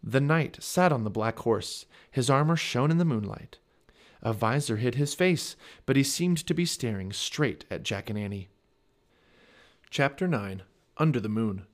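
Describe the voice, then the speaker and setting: A man's voice: mid-range voice, a little slow. A man reading a children's chapter book aloud for a family podcast, telling it expressively. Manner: expressive storytelling.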